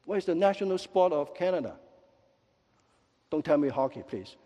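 A male pastor delivering a lively sermon with joking asides and quick apologies, in a church sanctuary. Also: fairly high pitch, lo-fi sound. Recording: long echo of a large hall.

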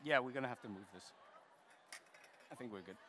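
A man leading a church service as pastor, giving a lively children's sermon and coaxing the kids to come forward. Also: mid-range voice, brisk, slight background noise. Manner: animated, coaxing, talks to kids. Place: church sanctuary.

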